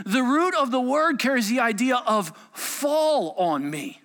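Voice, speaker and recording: A man delivering a sermon in a high, bright voice that leaps all over its range. He tells stories by acting out the characters, then drops to near-whispers. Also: takes it slowly. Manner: animated storytelling, acts out voices, swings from loud to hushed. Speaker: pastor.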